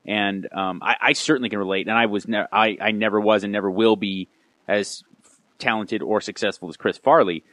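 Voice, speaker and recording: A man's voice: fairly low pitch, steady tone, fairly quick, fairly bright tone, no echo. A man guesting on a podcast, talking in an earnest, reflective way and often stumbling and restarting mid-thought. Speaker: podcast guest, radio host. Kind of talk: casual reflective chat.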